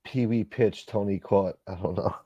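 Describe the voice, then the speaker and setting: A man's voice: on the low side, fairly even intonation, normal speed, warm tone, breathy edge, dry recording, muffled recording. A man hosting a casual livestream, reading viewer comments in a blunt, profane, rambling way. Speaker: livestream host.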